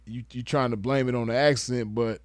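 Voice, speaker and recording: A man's voice: medium pitch, steady tone, fairly quick, dry recording. A young man from the West Coast giving laid-back, slangy commentary with frequent chuckles. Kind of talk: casual commentary.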